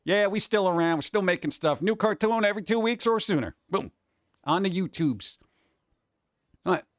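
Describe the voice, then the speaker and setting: A male streamer chats casually with his live audience in a voice pitched a little above the usual for a man. He rambles and jokes, hopping from one topic to the next. The sound is dry and close, with no room ring at all. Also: expressive, normal speed, no room sound. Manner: rambling, jokey, jumps between topics. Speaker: cartoon creator and streamer host.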